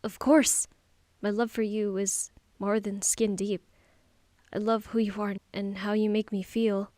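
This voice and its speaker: A woman's voice: medium pitch, flat delivery, measured pace, mellow, no echo, natural voice. A woman voicing an anguished, tearful young trans man confessing to his boyfriend in an audiobook. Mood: pleading. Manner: emotional, pleading and tearful.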